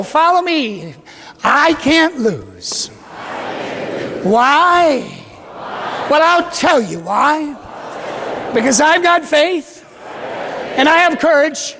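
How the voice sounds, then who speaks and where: A man's voice: very high voice, background noise. A man leading a sermon as a parish priest, playful and joking as he has the congregation repeat a cheer after him. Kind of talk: sermon with a call-and-response cheer. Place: large church with a congregation. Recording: echoey church with crowd behind.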